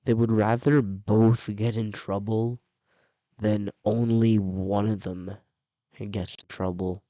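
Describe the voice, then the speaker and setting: A man's voice: on the low side, flat delivery, slow, mellow, no echo. A man giving casual commentary as he ranks theme tunes, rambling along with frequent restarts and self-corrections. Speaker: video creator ranking show themes.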